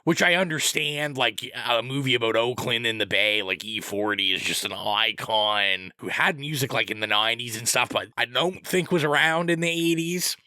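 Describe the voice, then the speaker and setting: A man with a bright, forceful voice rambles through opinionated film picks in casual podcast chat. The sound is close and dry, with no room around it. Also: medium pitch, normal speed, hardly any pauses, no echo. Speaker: podcast co-host.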